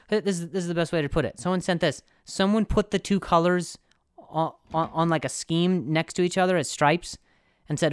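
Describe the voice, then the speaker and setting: A man's voice: a little high, normal speed, smooth, no echo, clean studio sound. A young man hosting a comedy podcast, rambling and sarcastic with lots of restarts. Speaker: podcast host. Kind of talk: comedic monologue.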